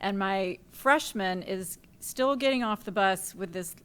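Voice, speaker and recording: Bright-voiced woman reading from notes. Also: mid-range voice, measured pace, clean tone. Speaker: parent association co-president. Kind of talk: speech from notes.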